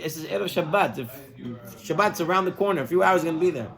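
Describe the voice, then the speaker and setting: A male rabbi gives a sermon with a voice that sits high for a man. He tells stories in an animated way and goes hushed to drive each lesson home. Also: fast talker, creaky. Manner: animated storyteller who acts out characters.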